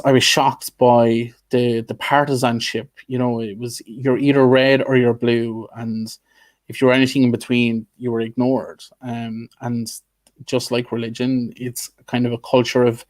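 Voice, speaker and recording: A man hosting a casual interview over a video call. He speaks earnestly, often restarting his sentences and filling pauses with "um". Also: mid-range voice. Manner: many ums and restarts, earnest. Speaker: host.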